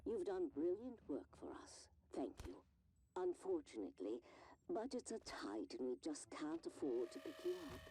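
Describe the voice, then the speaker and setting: An actress playing a coolly polite corporate handler, speaking in a measured, businesslike way in a distant, noisy game recording. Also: female voice, on the low side, huge pitch swings, mellow.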